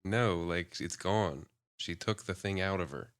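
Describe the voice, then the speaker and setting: Deep-voiced chill podcast dude, short easy replies. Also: male voice, unhurried, clean tone. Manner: laid-back, laughs often, short replies. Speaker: podcast co-host. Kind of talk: casual chat.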